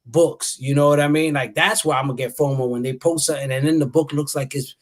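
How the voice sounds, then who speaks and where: A man hosts a loose, casual chat with a slightly raised pitch. He swears freely and laughs often, keeping the talk lively and animated. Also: quick pace. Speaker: show host.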